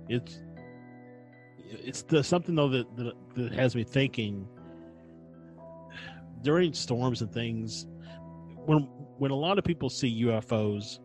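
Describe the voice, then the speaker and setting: Male co-host of middling pitch, casual, halting and hesitant, faint music under him. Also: expressive, a little mellow. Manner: hesitant, many fillers. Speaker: podcast co-host. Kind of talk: casual chat.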